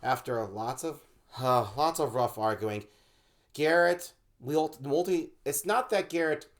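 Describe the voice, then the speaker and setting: Animated man telling a story. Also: on the high side, unhurried. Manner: animated, gets loud when reenacting his frustration. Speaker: co-host of a web show vlog. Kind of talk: casual conversational storytelling.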